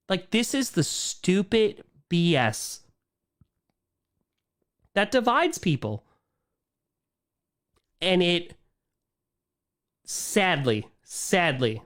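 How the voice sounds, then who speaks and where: A young man ranting on a live stream, animated and exasperated, trailing off and repeating himself as he talks. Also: on the high side, very slow, long pauses.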